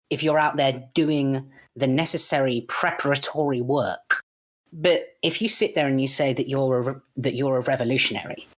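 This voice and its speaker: A husky-voiced man holds forth as a podcast guest in loose, unscripted talk. He sounds blunt and worked up, swears without hesitation, and stumbles into false starts before pushing on. His pitch sits in an ordinary middle range. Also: a bit bright. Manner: blunt and fired-up, swears freely; frequent false starts and self-corrections.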